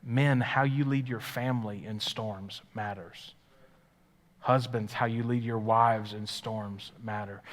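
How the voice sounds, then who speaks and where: Dynamic male pastor preaching in a reverberant hall. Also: mid-range voice. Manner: dynamic preaching, swings from loud and excited to hushed and quiet. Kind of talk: live sermon. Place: church sanctuary. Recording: live church hall with long reverb.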